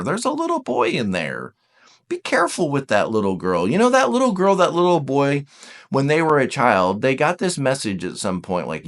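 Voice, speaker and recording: A man giving a casual, animated teaching talk, emphatic and self-deprecating. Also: a little high. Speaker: Enneagram teacher.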